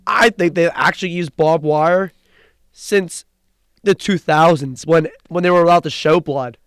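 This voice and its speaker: An excited young man co-hosts a casual podcast, rambling eagerly through a recap and restarting his sentences. His voice sits a little high and sounds smooth and resonant. The recording is dry and close. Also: a little slow, dry recording. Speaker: podcast co-host. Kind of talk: casual chat.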